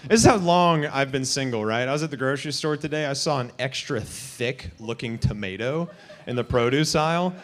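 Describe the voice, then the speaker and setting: A man's voice: medium pitch, animated, fairly quick. A young man doing crude, self-mocking stand-up at an open mic, laughing at his own jokes. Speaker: stand-up comic.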